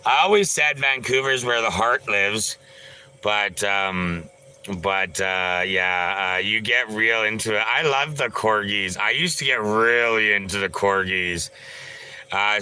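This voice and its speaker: A man's voice: fairly low pitch, measured pace, sharp tone, clear, resonant tone, poor audio. A man chatting casually on a live stream, answering viewers in a loose, rambling way with lots of filler sounds and some swearing. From Canada. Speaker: livestreamer.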